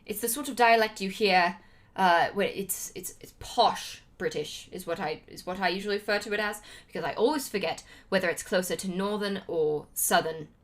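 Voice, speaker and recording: At a medium pitch and normal speed, a young woman from Utah, United States, talks casually to her livestream. Her chatter rambles, packed with fillers and restarts and punctuated by frequent laughs.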